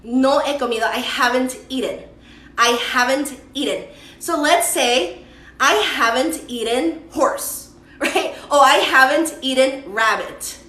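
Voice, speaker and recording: A woman from the United States, a native English speaker, teaching English in a livestream and switching between Spanish and English, repeating words slowly. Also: high-pitched, sharp tone, roomy sound. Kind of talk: bilingual livestream lesson.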